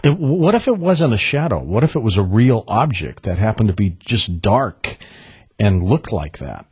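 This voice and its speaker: Animated, husky male radio host. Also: lowish voice. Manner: lively, questioning, quick to laugh. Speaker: radio talk show host. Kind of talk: call-in radio chat.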